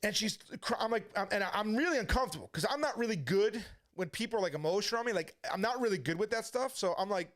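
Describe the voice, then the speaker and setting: High-voiced man telling his testimony. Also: quick pace. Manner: animated storyteller acting out quoted voices. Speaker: testimony speaker. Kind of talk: personal testimony storytelling.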